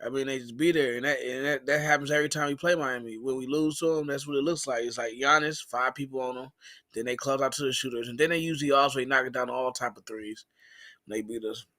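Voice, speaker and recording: A man's voice: mid-range voice, fairly even intonation, fast, bright, forceful tone, no room sound, studio quality. A man calling into a fan stream, rambling through frustrated casual sports talk.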